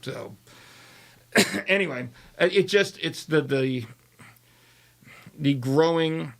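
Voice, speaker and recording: Gravelly male host, halting and conversational. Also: fairly high pitch, a bit bright. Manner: hesitant, restarts, thinks aloud. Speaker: talk show host. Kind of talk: casual panel discussion.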